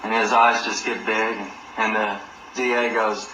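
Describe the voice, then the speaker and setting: A man spins a personal story in a casual, animated way. His voice is bright and forceful. The room is echoey, with faint noise behind him. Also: fairly low pitch, unhurried. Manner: animated, acts out other people's words in a raised voice. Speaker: channel host telling a personal story. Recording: roomy echo with faint background noise.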